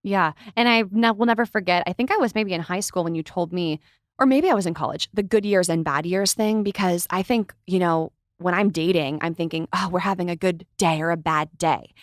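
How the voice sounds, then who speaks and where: A woman's voice: lowish voice, brisk, no echo, studio quality. A woman in her twenties hosting a podcast, chatting casually, laughing often and acting out what others said. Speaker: podcast host. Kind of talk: casual interview chat.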